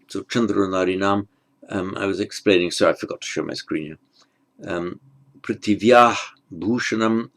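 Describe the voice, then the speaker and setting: A man teaching Sanskrit grammar in an online lesson, explaining slowly and carefully and correcting himself as he goes. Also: low voice, creaky, a bit bright.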